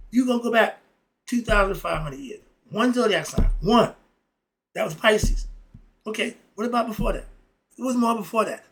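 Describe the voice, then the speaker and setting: A man's voice: on the high side, gravelly, fairly bright tone. A middle-aged man in a casual, blunt and preachy monologue, full of slang. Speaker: philosophy vlogger.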